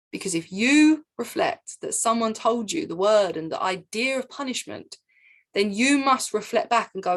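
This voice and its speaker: Mid-pitched young woman, spiritual teacher, animated monologue, repeats phrases, slips into acted voices. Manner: animated, repetitive, acts out quoted voices. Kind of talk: masterclass monologue.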